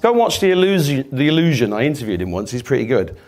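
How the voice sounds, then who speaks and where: A man's voice: mid-range voice, very animated, fast, a little mellow. An English man in his fifties, telling rambling, jokey stories to an audience and swearing freely. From England. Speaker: speaker. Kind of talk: casual storytelling talk.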